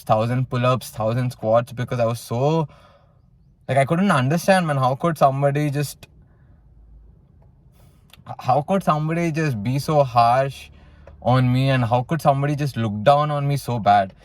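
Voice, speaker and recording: A man's voice: medium pitch, no room sound. A young man from South India casually telling a personal story in a blunt way, full of swearing and "you know". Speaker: vlogger telling his story.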